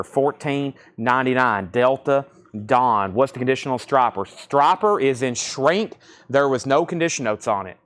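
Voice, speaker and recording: A man hosting a live online record auction, calling out titles, prices and bidders in a brisk, businesslike patter. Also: mid-range voice, fairly bright tone, smooth. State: throat a bit choked, coughing.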